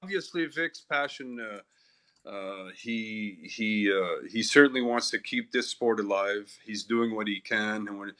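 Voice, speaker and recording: A man from Canada answering as a guest in a live video chat, modest and halting with many fillers. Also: on the low side, pushed and bright. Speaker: guest, retired kickboxing champion. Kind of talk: casual interview answers.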